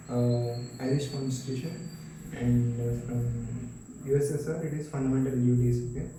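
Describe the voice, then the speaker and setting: A man teaching a classroom lecture, halting and repetitive, with many fillers and self-corrections. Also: medium pitch, mellow, distant mic, slight background noise. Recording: very echoey room, voice off-mic.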